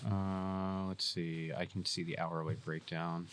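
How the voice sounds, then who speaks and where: A man co-hosting a casual podcast, talking bluntly and swearing freely as he thinks out loud. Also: sits low, little pitch movement, a little slow, smooth. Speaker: podcast co-host.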